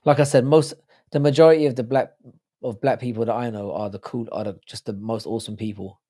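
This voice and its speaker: A British man with a hoarse, sore throat, hosting a livestream in casual, crude joking banter while reading out viewer comments. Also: mid-range voice, steady tone, fast, warm tone. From United Kingdom. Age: adult with a child. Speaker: livestream host.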